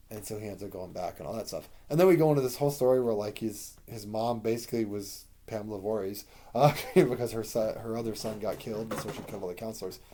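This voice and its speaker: A man giving a casual, rambling spoken review, swearing freely and filling pauses with "um" and "like.". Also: fairly low pitch, mellow. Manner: rambling, profane, conversational with many fillers. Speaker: video creator ranking TV seasons.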